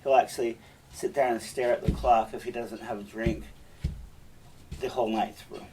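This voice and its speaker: A male teacher walks students through a play in a relaxed, chatty way, dropping asides to them. His voice sits back from the microphone in a mid-range pitch. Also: fairly quick, recorded from a distance, slight background noise, poor audio. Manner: casual, chatty explaining with asides.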